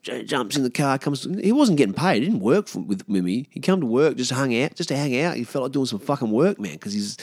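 A man's voice: medium pitch, big pitch swings, fairly quick, hardly any pauses, darkish tone, no room sound, studio quality. A man in his thirties with an Australian accent, telling stories from his past in a casual, laid-back way, swearing freely and often trailing off. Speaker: podcast host. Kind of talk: casual storytelling monologue.

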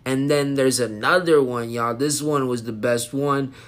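A man hosting a casual solo podcast, rambling and excitable while high, jumping off topic. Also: a little slow. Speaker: podcast host.

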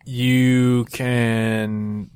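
Male game master, relaxed delivery, average pitch. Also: very slow, clear, resonant tone. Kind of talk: running a tabletop game.

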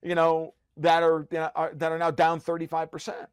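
Brief: man, podcast guest, raised pitch, profane sarcastic ranter, dry close sound. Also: monotone, clean tone, no room sound. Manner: profane, rapid restarts and filler-heavy; sarcastic and mocking. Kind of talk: heated conversational ranting.

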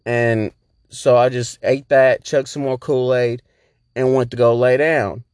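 A man's voice: medium pitch, level tone, a little slow, a little mellow, clear, resonant tone, no echo, clean studio sound. A man hosting a podcast, telling a rambling, profane story in a laid-back, casual way. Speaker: podcast host.

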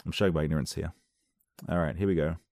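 A man's voice: rumbling low, fairly even intonation, quick pace, a little mellow, no room sound, studio quality. A man reading strange news articles aloud and reacting with sarcastic, rambling asides. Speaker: video host.

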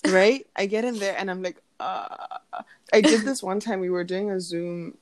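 A young woman chatting casually, telling an animated story, acting out what others said and laughing often. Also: medium pitch, moderate pace, no echo. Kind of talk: casual chat.

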